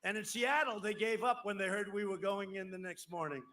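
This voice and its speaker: Speaking outdoors at an airport rally, a politician in his seventies gives a rambling, emphatic campaign speech into a podium microphone, tossing asides to the crowd. His voice is high, bright and forceful and fairly quick, and the live outdoor broadcast carries faint crowd noise.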